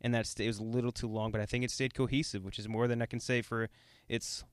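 Brief: young male co-host, rapid brash delivery, dry close mic. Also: mid-range voice, flat delivery, clean tone, no room sound. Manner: brash, profane, argumentative. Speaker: podcast co-host. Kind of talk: casual podcast chat.

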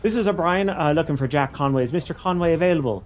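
A man's voice: on the high side, quick pace, noisy background, pitched above the performer's own voice, lightly acted. A man voicing a polite, officious male studio security guard with a fussy manner. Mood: official.

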